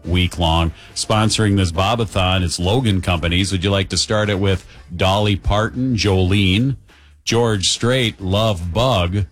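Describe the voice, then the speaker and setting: A man with a low voice hosts a radio show, trading easygoing jokes and sliding into sponsor reads. Faint music plays underneath him. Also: unhurried. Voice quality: jokey, easygoing. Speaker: radio host. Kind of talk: morning radio banter with ad reads.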